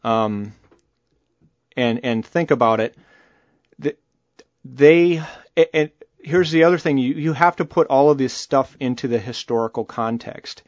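This podcast co-host, a man of medium pitch, talks politics in a blunt, animated, casual way, swearing freely. He's a little slow and pauses often; the sound is lo-fi with no echo.

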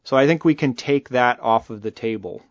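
On a podcast he co-hosts, a man with a mid-range voice talks politics at a normal speed, being blunt, animated and casual, swearing freely. There's no echo, though the audio sounds dull.

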